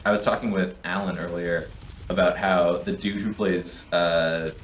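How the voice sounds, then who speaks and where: Young male co-host, low voice, loose rambling delivery, echoey room with faint hiss. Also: a little slow. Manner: rambling, many restarts, animated retellings. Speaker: co-host and player. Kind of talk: casual chat while gaming.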